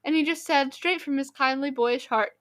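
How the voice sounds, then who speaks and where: A woman narrating a classic novel in a measured, expressive reading. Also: high voice. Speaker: audiobook narrator. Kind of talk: storybook reading. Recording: reading over music.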